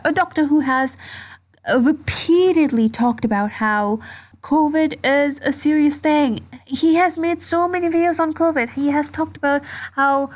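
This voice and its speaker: A woman's voice: high voice, unhurried. A woman ranting in a commentary vlog, indignant and swearing often. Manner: heated, indignant, heavy swearing. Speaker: commentary YouTuber.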